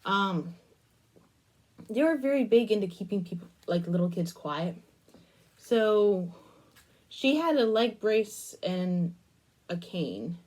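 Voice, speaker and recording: Young woman rambling thru a story while she fiddles with clay, mid pitch, lots of asides. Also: animated, slow, long pauses, darkish tone. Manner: rambling storytelling, asides about her work. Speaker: crafting channel host. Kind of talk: casual chat while crafting.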